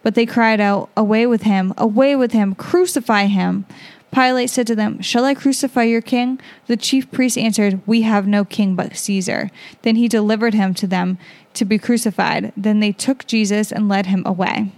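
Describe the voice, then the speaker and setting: A woman's voice: mid-range voice, steady tone, normal speed, darkish tone, no room sound. A young woman hosting a podcast, reading a Bible passage aloud and then reflecting on it in a casual, earnest way with fillers. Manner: earnest, conversational, with fillers and self-corrections. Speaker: podcast host reading scripture.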